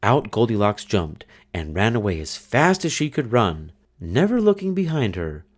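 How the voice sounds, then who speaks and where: A man reading a children's fairy tale aloud in a slow, expressive storytelling manner. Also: lowish voice. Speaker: storybook reader. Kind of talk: children's book read-aloud.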